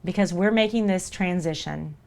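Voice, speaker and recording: A woman's voice: on the low side, normal speed, vocal fry, a little mellow. A woman streamer talking live to her viewers in an earnest, reassuring way, repeating herself for emphasis.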